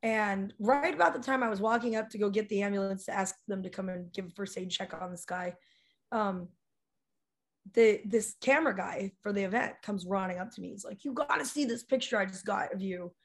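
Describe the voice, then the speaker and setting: A woman from South Dakota, a rock singer, telling stories as a guest in a casual, animated way, with lots of "like" fillers. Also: mid-range voice, a little fast. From South Dakota, USA. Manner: animated, chatty, many "like" fillers. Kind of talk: casual storytelling in conversation.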